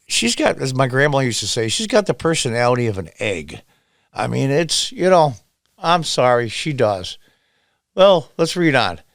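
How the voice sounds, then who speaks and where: A middle-aged man from upstate New York hosting solo political commentary in a sarcastic, emphatic, lively way. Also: medium pitch, no room sound, studio quality.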